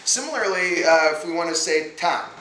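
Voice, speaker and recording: Male video host, casual and jokey, with a bright, lively voice, in an echoey room with faint noise behind. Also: a little high, moderate pace. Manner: animated, chatty, full of fillers and jokes. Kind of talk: casual explainer to camera.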